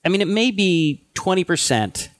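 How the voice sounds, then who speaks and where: A man's voice: high voice, sing-song, moderate pace, no echo. Casual man musing with restarts, dry sound. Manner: thinks aloud with restarts and hedges. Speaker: podcast co-host. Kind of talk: casual tech chat.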